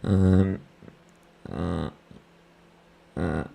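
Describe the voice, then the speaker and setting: A man's voice: deep voice, steady tone, very slow, creaky, dark tone, slight background noise. A man hosting a live football watchalong stream, chatting casually and rambling with slang and fillers.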